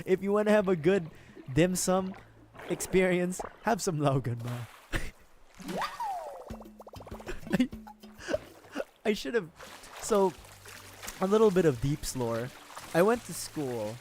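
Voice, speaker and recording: A man's voice: on the high side, darkish tone, a little hiss or hum. A man from the Philippines chatting casually with viewers on a gaming livestream, laughing often and swearing freely as he rambles.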